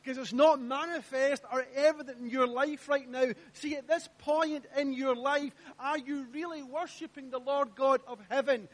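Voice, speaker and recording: A man's voice: very high-pitched, fairly even intonation, moderate pace, hardly any pauses. A man preaching a sermon in church, emphatic and repeating his phrases while asking the congregation questions. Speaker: pastor.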